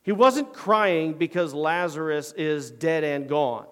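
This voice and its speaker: A man preaching a sermon, his voice sitting a little high for a man. It rings out with a long church reverb. He moves between hushed, low stretches and loud, driving emphasis. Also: slow pace, hardly any pauses, smooth. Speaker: pastor.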